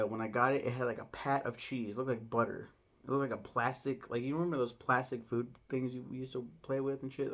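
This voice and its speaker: Gravelly young man rambling and swearing. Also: medium pitch. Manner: rambling, profane, searches aloud for names. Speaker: vlogger. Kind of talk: casual food ranking vlog.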